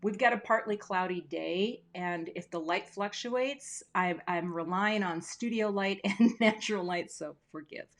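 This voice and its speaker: A woman's voice: on the low side, a little slow, few pauses. A woman hosting a casual live crafting tutorial from her home craft room on a webcam, chatty and playful, with self-deprecating asides. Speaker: craft teacher hosting a livestream.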